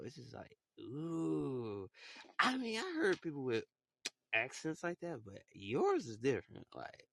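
A man's voice: medium pitch, huge pitch swings, measured pace, gravelly, fairly bright tone, dry recording, studio quality. A man chatting casually on a live audio stream, rambling in slang, full of fillers and restarts. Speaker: live audio room host.

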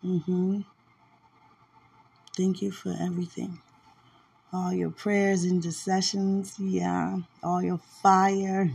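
A drowsy woman speaks in a slow, unhurried drawl, her voice husky and gravelly with fry. She talks softly and affectionately in a casual, faith-filled chat, often trailing into quiet murmurs. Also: on the low side. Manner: soft, drowsy and affectionate, with frequent laughs. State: sleepy. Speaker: podcast host.

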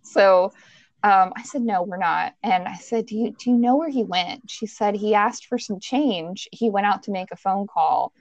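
A woman co-hosting a casual chat. She tells a story with energy, swears freely and acts out the lines she quotes in a loud voice. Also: medium pitch, normal speed, no echo.

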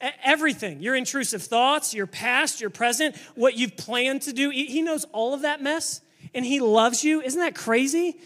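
A man preaching a sermon to a church congregation, energetic and emphatic, sometimes building up to shouting. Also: very high-pitched, normal speed. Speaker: pastor.

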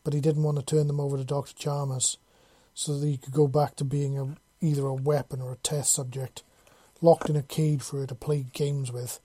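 An audiobook narrator reading a story aloud in a steady, even storytelling manner. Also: medium pitch, a little fast, hardly any pauses, husky, no room sound. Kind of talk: reading fan fiction aloud.

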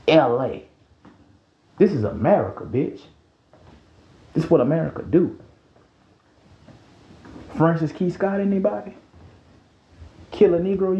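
A fired-up man ranting into his podcast, foul-mouthed and worked up. His voice sits a bit high, with a gravelly edge, and leaps all over the place. The sound is roomy and dull, like a lo-fi home setup. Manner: heated, profane, swings from low mutters to high yells. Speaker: podcast host. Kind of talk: casual podcast rant.

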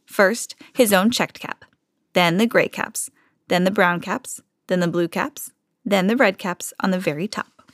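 A woman's voice: mid-range voice, unhurried, a bit bright, no room sound, clean studio sound. A woman hosting a podcast, reading a children's book aloud expressively, lingering on repeated phrases. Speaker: storybook reader, podcast host.

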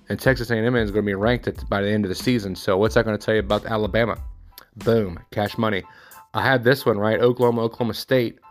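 Casting note: thirty-something man, relaxed sports recap host, rambling and offhand, faint music behind. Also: medium pitch. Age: 30s. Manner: offhand, rambling score rundown with personal asides.

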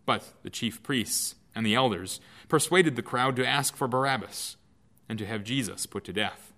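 A man reading a scripture lesson aloud in an expressive, emphatic way. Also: medium pitch, normal speed. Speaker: Bible lesson reader.

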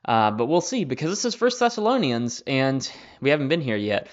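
A young man hosting a Bible study podcast, talking in a relaxed, conversational way with plenty of fillers and restarts. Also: mid-range voice, fairly quick. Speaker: Bible teacher and podcast host. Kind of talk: casual Bible study talk. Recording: slightly dull lo-fi audio.

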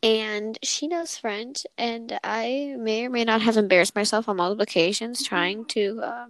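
A woman's voice: on the high side, normal speed, dry recording, poor audio. A young woman co-hosting a casual chat, giggly and rambling, often cutting herself off mid-sentence. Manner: giggly, rambling, self-interrupting. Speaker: podcast co-host.

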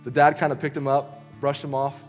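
A young man preaches in a loose, conversational way, telling a story full of fillers and quick restarts. His voice sits at an ordinary middle pitch. Soft music plays faintly under him. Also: completely flat delivery. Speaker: youth preacher. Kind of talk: casual sermon storytelling.

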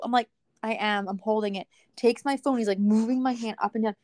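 A woman rants her way through everyday stories on a podcast, acting out what other people said and laughing along. Her voice sits fairly high and the recording is close and dry. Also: steady tone, brisk, a little mellow, dry recording. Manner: chatty, ranting storyteller, quotes people, laughs often. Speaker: podcast co-host. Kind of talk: casual chat.

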